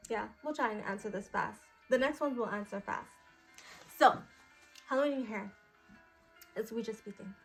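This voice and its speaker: A woman's voice: on the high side, steady tone, normal speed, long pauses, soft background music. A woman in character as a psychic priestess giving a magic class, rambling with many fillers in a mystical tone. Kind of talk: improvised role-play class.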